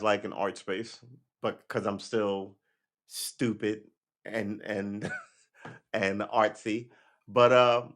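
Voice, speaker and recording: A middle-aged man hosting a livestream, chatting casually to viewers in a loose, rambling way, swearing and laughing often. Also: lowish voice. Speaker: livestream host.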